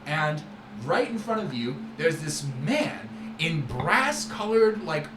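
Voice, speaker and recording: A man narrating a tabletop game as game master, describing scenes in a relaxed, halting way. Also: a little high. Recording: roomy room with background noise.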